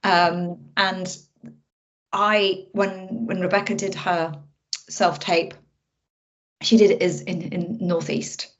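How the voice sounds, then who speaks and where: A woman film director, a podcast guest, tells the story behind her work in an animated, chatty way, often circling back and restarting her sentences. Her voice sits slightly low, and the recording sounds muffled and lo-fi. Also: takes it slowly, pauses often. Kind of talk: casual interview chat. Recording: muffled lo-fi audio.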